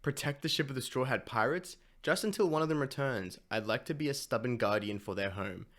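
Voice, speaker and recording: Male reaction host, reads manga lines, excitable, sweary, casual. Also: medium pitch, brisk. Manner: swears and gasps while reacting; reads character lines in his plain voice.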